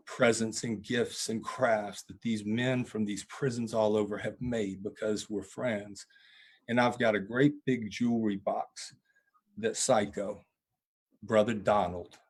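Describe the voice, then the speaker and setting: A man's voice: on the low side, husky. A man, a preacher and guest, telling earnest stories in an interview answer. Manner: earnest, animated storytelling with laughs.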